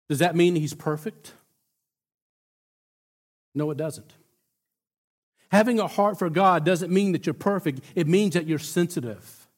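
Pastor, man, high voice, chatty emphatic sermon, stumbles and restarts. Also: a little mellow. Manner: conversational and emphatic, with halting restarts.

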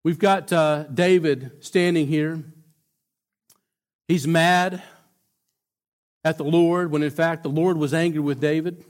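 A male pastor preaching a sermon in a conversational, emphatic way, with halting restarts. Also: a little high, fairly even intonation.

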